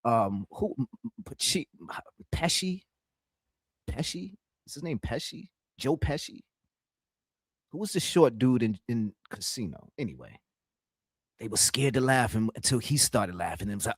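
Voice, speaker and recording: A man's voice: mid-range voice, expressive, normal speed, pauses often, husky, no echo, studio quality. A man doing casual live-stream reaction commentary, loose and profane, often mimicking the voices in the clips he plays.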